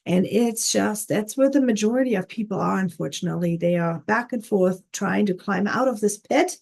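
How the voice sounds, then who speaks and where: A woman's voice: medium pitch, normal speed, gravelly, darkish tone. A woman life coach teaching in an earnest, casual way, often checking in with "okay?" and "right?". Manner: earnest, repeats words, frequent "okay?" and "right?".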